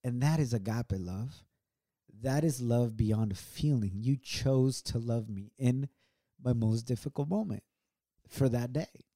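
Man, podcast co-host, mellow earnest storyteller, reflective. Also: measured pace. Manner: earnest, reflective, swings from low and quiet to raised. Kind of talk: personal storytelling on a couple's podcast.

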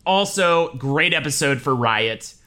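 A man's voice: fairly high pitch, expressive, slow pace, pushed and bright, clean tone. A man hosting a podcast chat, enthusiastic and casually swearing as he talks.

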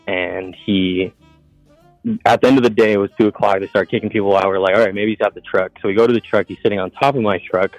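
A man on a call-in show telling a long, swearing, meandering story and acting out each exchange. He speaks in a lowish voice with a dry, close sound and faint music behind. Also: fairly even intonation, quick pace, dry recording, low-quality recording. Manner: profane, rambling, quotes others. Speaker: caller. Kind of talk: casual storytelling.

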